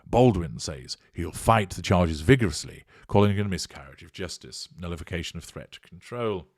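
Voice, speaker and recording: A man giving a measured, emphatic commentary monologue, reading and analysing an article in formal wording. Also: sits low, expressive, dry recording, clean studio sound. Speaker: commentator on narcissism.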